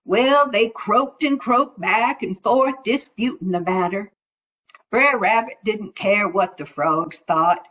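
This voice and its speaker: Slow folksy woman storyteller. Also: medium pitch, a bit bright, slightly rough. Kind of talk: folktale storytelling. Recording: dull lo-fi recording.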